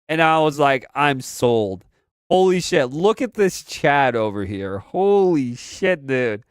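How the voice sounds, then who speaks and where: Rambling young man streaming, smooth voice. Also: on the high side, dry recording, studio quality. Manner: rambling, repeats phrases, slangy. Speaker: live-stream host. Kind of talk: casual pop-culture commentary.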